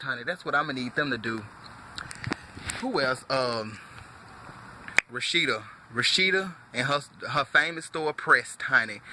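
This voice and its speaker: Campy, sassy man with a bright voice. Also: mid-range voice, slight background noise. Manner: campy, drawn-out "honey" after nearly every phrase. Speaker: reality TV commentator. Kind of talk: sassy casual rant to camera.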